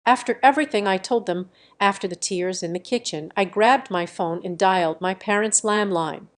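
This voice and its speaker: A woman reading a first-person revenge story as scripted narration, in an even, measured way. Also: mid-range voice.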